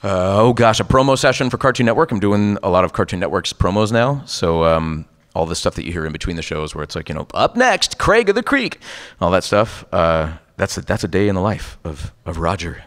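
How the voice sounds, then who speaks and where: A middle-aged man with a very low, smooth and resonant voice, talking casually at a convention panel. He tells stories in a lively way, slipping into ad reads and character voices as he goes. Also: a little fast, hardly any pauses, in a large hall. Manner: animated storyteller, rattles off ad copy and voices. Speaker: voice actor guest on a convention panel.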